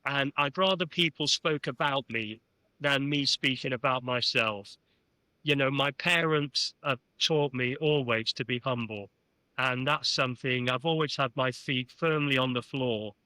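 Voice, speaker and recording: An older man from England, a podcast guest, telling animated anecdotes and often saying "you know". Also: medium pitch, measured pace, dry recording, low-quality recording. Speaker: podcast guest, former club chairman. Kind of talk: storytelling in an interview.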